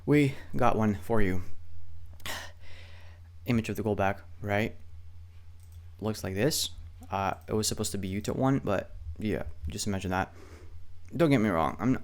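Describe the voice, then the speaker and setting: Youngish guy, kinda low voice, chill profane marketing tutorial, lots of "right?". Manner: loose, profane, conversational, keeps asking "right?". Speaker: email marketing instructor. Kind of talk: casual screen-share tutorial.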